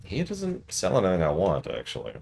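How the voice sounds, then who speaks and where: A man with a very low voice that still swings widely in pitch, talking casually as a game streamer. He rants in a wry, mocking way between moments of play. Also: wildly swooping pitch, brisk, creaky, darkish tone, slight background noise. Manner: wry, ranting, mocks the ads he criticizes. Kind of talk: casual commentary while playing.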